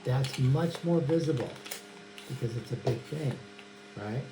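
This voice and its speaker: A man with a mid-range voice speaks unhurriedly as he casually demonstrates a magic trick, chatting as if to an imagined audience of kids. The recording has an echoey room sound and mains hum.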